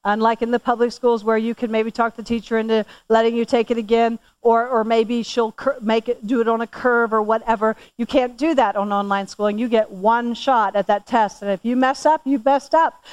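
A middle-aged woman telling a story in a sermon, talking casually and animatedly, climbing higher when she quotes herself scolding. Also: darkish tone, smooth. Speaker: church speaker.

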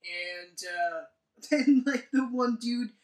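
A man's voice: very high-pitched, slow pace. Rambling, profane man in an echoey room. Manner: profane, rambling, acts out scenes. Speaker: podcast co-host. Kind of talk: casual movie discussion. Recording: echoey room, mic at a distance.

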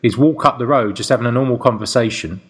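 A man's voice: medium pitch, fast talker, breathy edge. A young British man chatting casually as a podcast co-host, telling stories animatedly with laughs and swearing. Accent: British English. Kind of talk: casual chat.

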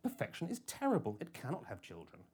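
A man reading the lines of a calm female smart-home voice assistant with a flat, mechanical delivery, in an audiobook. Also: a little high, fast talker, breathy edge, heavily acted. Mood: eerie.

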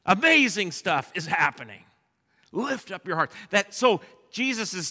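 Bright, high-voiced man preaching in a hall. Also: animated, normal speed. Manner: swings from loud rallying calls to hushed quiet lines; leads the congregation in a repeated refrain. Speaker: pastor. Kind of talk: sermon. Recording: echoey church hall.

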